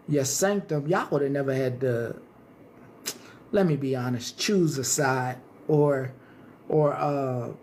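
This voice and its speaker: A man's voice: fairly high pitch, slight background noise. Profane, ranting male stream host. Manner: cursing heavily, taunting viewers directly; rambling with many restarts. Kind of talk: casual profane live-stream rant.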